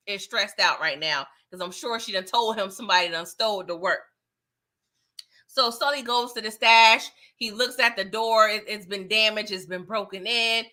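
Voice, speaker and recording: A woman's voice: mid-range voice, sharp tone. A woman casually recapping a TV episode in a chatty, slangy way, laughing often. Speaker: TV recap reviewer.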